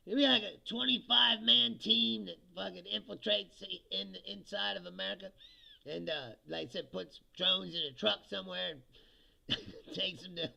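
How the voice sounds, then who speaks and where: Gravelly, laughing comedian on a livestream. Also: male voice, high-pitched, fairly even intonation, moderate pace, pushed and bright. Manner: laughs often, swears, sarcastic. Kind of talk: casual livestream chat reading viewer comments. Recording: dull lo-fi stream audio.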